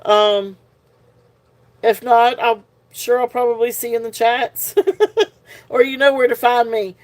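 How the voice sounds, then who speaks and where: A woman's voice: a little high, level tone, a little slow, a little mellow. A woman hosting a live jewelry sale in casual chat, tired and punch drunk, giggling often as she talks. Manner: giggly, laughs often while talking.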